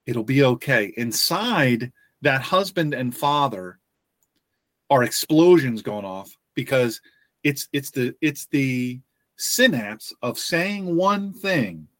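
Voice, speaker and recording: A man hosting a faith-based podcast, talking earnestly with frequent restarts and pauses. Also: medium pitch, expressive, fairly bright tone, no echo. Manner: earnest, halting with many restarts. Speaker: podcast host.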